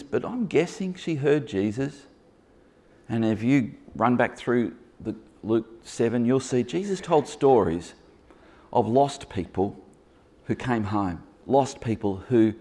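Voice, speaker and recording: A man preaching a lively sermon to a congregation in a church hall, teasing and joking with his listeners as he goes. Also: fairly low pitch, creaky. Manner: playful, teasing asides to the congregation.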